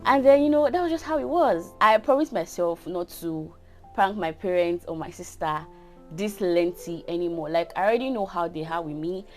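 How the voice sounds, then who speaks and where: Young Nigerian woman, 20, casual chatty vlogger, slightly low voice. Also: moderate pace, faint music behind. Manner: chatty, often asks "do you get?". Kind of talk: casual storytime.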